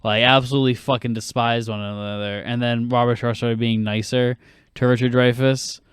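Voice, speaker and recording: Animated young man with a smooth, dry voice. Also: medium pitch, dry recording. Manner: animated, swears a lot, quick bursts. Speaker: podcast co-host. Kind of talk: casual film chat.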